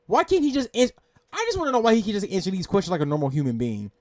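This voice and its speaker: A man's voice: high voice, huge pitch swings, rapid-fire, dry recording. A man hosting a reaction video, ranting in exasperation, swearing and repeating himself. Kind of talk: angry rant commentary.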